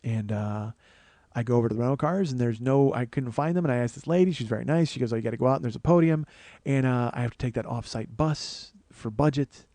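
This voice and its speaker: A man's voice: medium pitch, fairly quick, mellow, dry recording. A man telling a comic story as a podcast host, profane and ranting with mock paranoia.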